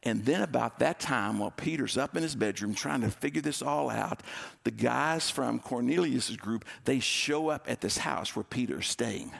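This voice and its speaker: A man preaching a sermon as a pastor, retelling a Bible story in a lively way and acting out its characters' voices. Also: mid-range voice, moderate pace, vocal fry. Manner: animated, acts out voices of the story's people.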